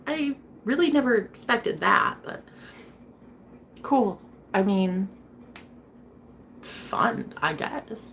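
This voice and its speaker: A woman's voice: medium pitch, animated, a little slow, pauses often, a bit bright, a little hiss or hum. Blunt, chatty woman streamer. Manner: chatty and blunt, swears freely and laughs often. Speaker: streamer reading viewer comments. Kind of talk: casual livestream chat.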